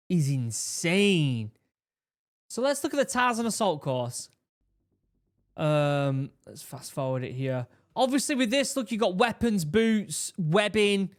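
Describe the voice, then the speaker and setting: A man, a former marine giving casual, animated commentary while reacting to a training video, often restarting his sentences. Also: high-pitched. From England. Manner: animated, exclaiming, with repeated restarts.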